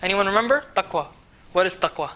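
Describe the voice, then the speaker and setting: Animated and quick, a man with a high, pushed, bright voice leads a small group through an informal tafsir class. He talks conversationally, weaves in Arabic words and phrases, and makes sure his students keep up.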